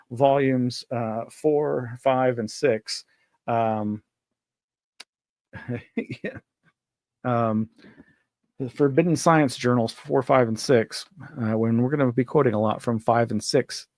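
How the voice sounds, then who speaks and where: A man's voice: mid-range voice, no echo. Chatty male news host, dry sound. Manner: chatty, meandering, laughs often. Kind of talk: casual news commentary.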